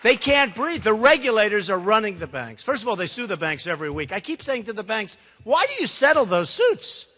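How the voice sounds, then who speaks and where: A man delivers a rambling, emphatic campaign speech with a high, bright voice whose pitch swings widely. He repeats his points for effect. The sound carries a long hall reverb. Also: animated, quick pace, hardly any pauses. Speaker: political candidate. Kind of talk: campaign speech to a live audience. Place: large hall.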